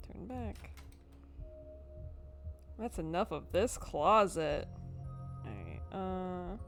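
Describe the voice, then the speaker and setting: A woman streaming a story game, tossing out playful, giggly asides between choices. Her voice moves with lively, expressive pitch. Faint music plays in the background. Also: very slow, gravelly, long pauses. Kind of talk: live game commentary.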